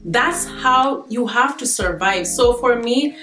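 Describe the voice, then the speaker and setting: A woman's voice: on the high side, animated, takes it slowly, sharp tone. A woman from Kenya with a Kenyan accent, chatting casually to camera as a vlogger, repeating her points and laughing easily. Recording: roomy sound with faint guitar music.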